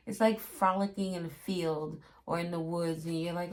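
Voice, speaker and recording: A woman's voice: fairly low pitch, fairly even intonation, normal speed, few pauses, darkish tone. A woman giving a casual tarot reading, chatty and acting out little quotes in playful voices. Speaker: tarot reader.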